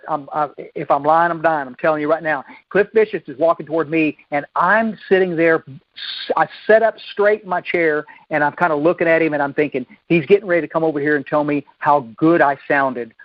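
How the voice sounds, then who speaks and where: A folksy, self-deprecating man with a drawl tells his recovery story at a meeting. His voice sits fairly high for a man, and he stumbles and restarts often. The recording is dull and lo-fi with a dry, close sound. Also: dry recording. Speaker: recovery speaker.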